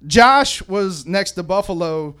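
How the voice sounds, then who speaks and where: A man's voice: high voice, expressive, slow pace, fairly bright tone, clear, resonant tone. A middle-aged man telling a rambling, profane story on a live podcast in a sports bar, often correcting himself. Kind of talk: casual storytelling in front of a live audience.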